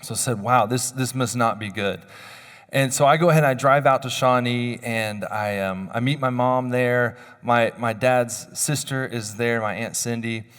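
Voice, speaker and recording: A man's voice: mid-range voice, fairly even intonation, normal speed, hardly any pauses, fairly bright tone, smooth. A man in his thirties giving a chapel sermon, telling personal stories in a conversational, self-deprecating way. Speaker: chapel speaker. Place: university chapel hall. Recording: long hall reverb.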